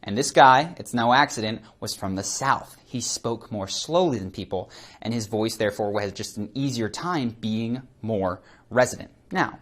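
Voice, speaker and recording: A man teaching about voice and presence in an animated, conversational way, calling himself a fast speaker. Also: lowish voice. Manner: animated and conversational, demonstrating voice techniques; self-described fast speaker. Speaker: charisma coach. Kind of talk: instructional talk to camera.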